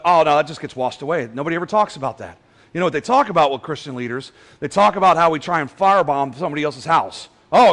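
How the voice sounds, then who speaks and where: A man with a fairly high voice preaches in a loose, joking, conversational way and slips into quoted voices as he tells stories. His sermon rings out through a church hall with a long reverb tail. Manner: conversational, joking, animated storytelling. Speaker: pastor. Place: church sanctuary.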